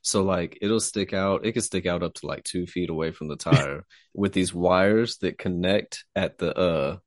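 A man's voice: low-pitched, moderate pace, no room sound, clean studio sound. A man from Texas, a writer talking loosely and profanely as a guest in a casual interview. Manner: loose and profane, laughing easily.

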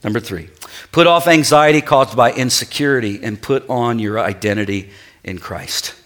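A middle-aged man preaches a sermon to his church. His voice sits in an ordinary middle register. He tells stories with lively acted-out quotes, then settles into quieter, earnest exhortation. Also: mid-range voice, normal speed. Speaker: pastor.

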